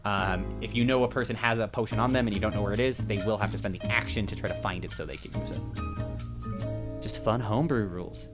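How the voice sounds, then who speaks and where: A man's voice: on the low side, fast talker, over music. A man acting as game master of a tabletop game, explaining rules and narrating with many restarts and fillers. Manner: rambling, full of fillers and restarts.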